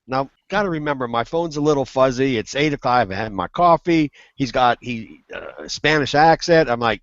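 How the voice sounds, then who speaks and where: A man telling a funny business story on a web hangout, animated and acting out the quoted voices. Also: mid-range voice, fairly quick, no room sound. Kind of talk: casual storytelling. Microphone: video call. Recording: muffled web call audio.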